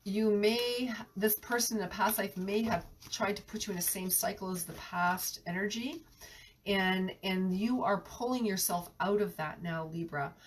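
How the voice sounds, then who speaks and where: Recorded far from the mic with slight background noise, a woman with a cold and a cough delivers an earnest live tarot reading. She speaks at a normal speed in a medium-pitched voice, frequently restarting sentences while describing the energies she senses.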